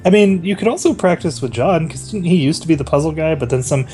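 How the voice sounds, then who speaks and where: A man's voice: a little high, lively intonation, fast talker, dark tone, soft background music. A man commenting casually during a game playthrough, musing and rambling. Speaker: let's-play co-host. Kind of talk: casual chat.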